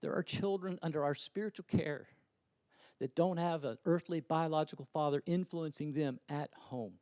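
Middle-aged man, pastor, sermon, impassioned then quiet storytelling, dry close sound. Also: a little high, normal speed, no room sound. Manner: impassioned, swings from loud urging to quiet storytelling. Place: church sanctuary.

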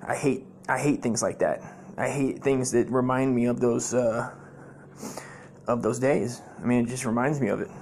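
A man tells profane, rambling comic stories as host of his own podcast. His pitch sits in an ordinary middle range, and a faint hiss runs under the recording. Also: fairly even intonation, moderate pace, a little mellow. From United States. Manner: profane, rambling storytelling with many fillers. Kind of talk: rambling comedic monologue.

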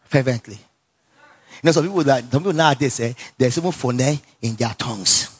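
A man with a Nigerian accent preaching a sermon in an animated storytelling way, laughing often, repeating phrases and calling for responses from the congregation. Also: medium pitch, moderate pace, husky.

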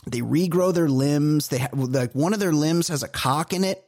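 A man's voice: a little high, normal speed, a little mellow, dry recording, studio quality. A man co-hosting a comedy podcast in casual chat, sarcastic and given to profane rants. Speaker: podcast co-host.

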